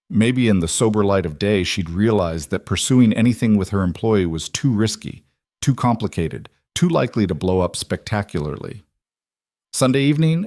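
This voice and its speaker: Low-voiced man narrating a story. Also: a little mellow, no echo, clean studio sound.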